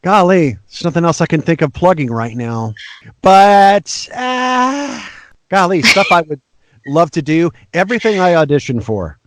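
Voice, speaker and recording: A man's voice: sits high, very animated, a little slow. A middle-aged male voice actor, a guest in an interview, giving earnest, frank and encouraging career advice.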